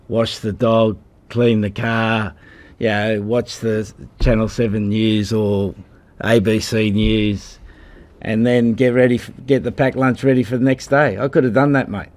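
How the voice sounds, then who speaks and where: A man's voice: lowish voice, level tone, unhurried, darkish tone. A man in his sixties from Australia, a rugby head coach answering at a press conference in a blunt, combative way, calling people mate.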